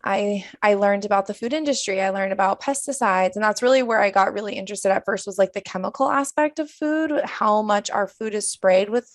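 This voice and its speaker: A woman's voice: mid-range voice, brisk, few pauses, dry recording, studio quality. A woman in her twenties, a chef, telling stories casually as a podcast guest, with lots of "like". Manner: chatty storytelling, heavy use of "like". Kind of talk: casual interview chat.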